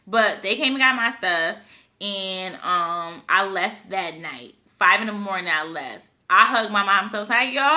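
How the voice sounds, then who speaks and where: Speaking at a medium pitch with a bright, forceful tone, a young woman vlogs a casual storytime for her viewers. She's from Buffalo, New York, comes across chatty and emotional, and says "y'all" a lot.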